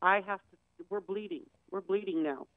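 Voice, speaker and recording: A woman's voice: medium pitch, moderate pace, no room sound. Woman telling her story over thin audio. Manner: candid, acts out quoted voices. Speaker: guest. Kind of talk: personal storytelling on a talk show. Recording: tinny phone-like dry sound.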